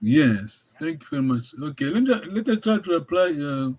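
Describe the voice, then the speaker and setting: On a rough recording, a man with a slightly high, darkish voice talks fairly quickly and very animatedly. He's giving a language lesson over a video call, encouraging and repetitive, and he laughs often.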